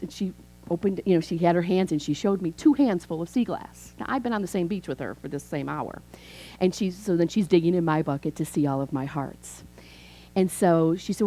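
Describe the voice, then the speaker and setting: This Chicago minister in her fifties delivers a chatty, conversational sermon, telling stories and acting out dialogue. Her fairly low voice is brisk and warm, though the recording is rough.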